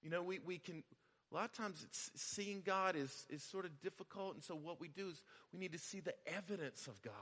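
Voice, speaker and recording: A male pastor preaches in a bright, fairly high voice, talking casually and repeating himself before rising to loud emphasis. His voice carries a long reverb from a church hall. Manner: conversational, repeats phrases, builds to loud emphasis. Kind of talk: sermon.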